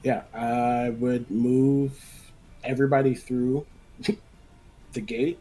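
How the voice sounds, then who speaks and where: A man's voice: mid-range voice, level tone, drawn-out words, warm tone, low-quality recording. A man playing a tabletop game who thinks aloud and plans each move step by step. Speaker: player.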